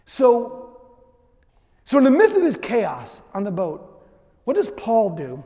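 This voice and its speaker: A man preaching a sermon, telling a personal story in a lively way with frequent "right?" asides. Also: very high voice, takes it slowly. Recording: echoey hall reverb.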